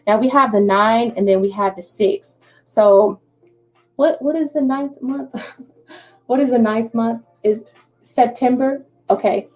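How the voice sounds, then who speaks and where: A woman's voice: medium pitch, darkish tone. Chatty woman giving a tarot reading. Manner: chatty, reassuring, says "okay?" often. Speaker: tarot reader. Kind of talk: live-stream tarot reading.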